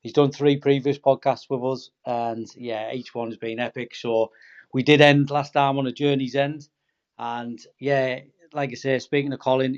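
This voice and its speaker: A man hosting a podcast in a relaxed, chatty way, with fillers and loose phrasing. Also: mid-range voice. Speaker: podcast host. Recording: dull lo-fi podcast audio.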